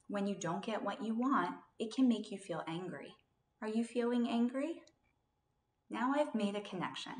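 A woman with a lowish voice gives a scripted parenting lesson. She talks calmly and steadily and sometimes acts out a parent's gentle lines. Her voice rings in a roomy, echoey space. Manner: calm, steady explanations with acted-out parent lines. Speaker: parenting educator. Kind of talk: scripted instructional talk.

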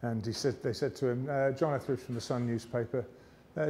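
English male speaker, warm and mellow, lively anecdotal delivery to a live audience. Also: medium pitch, a little fast, slight background noise. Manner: lively yarn-spinning with character voices. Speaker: motivational speaker. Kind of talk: anecdotal storytelling speech. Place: arts centre stage, live audience.

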